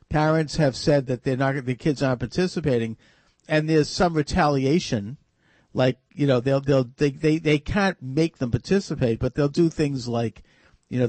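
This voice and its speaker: A man's voice: mid-range voice, a little mellow, no echo. A man hosting a radio talk show, earnestly urging listeners to act.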